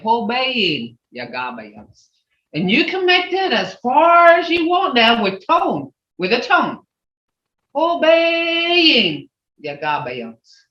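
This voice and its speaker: Slow, lively-pitched language teacher on a call. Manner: repeats words, swoops pitch to show tones. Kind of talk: teaching a class over video call. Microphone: video call. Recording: roomy, dull lo-fi video call audio.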